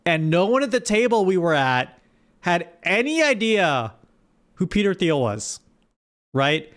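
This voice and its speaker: A young man streaming live, chatting casually with his viewers while gaming, animated and rambling with restarts. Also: high voice, a little slow. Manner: animated, talks straight to chat, rambling with restarts.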